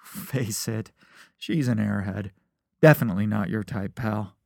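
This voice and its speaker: A man voicing a pushy, cheerful teenage best friend who talks loudly and jokes around. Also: lowish voice, a little slow, vocal fry, dry recording, clean studio sound. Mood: teasing.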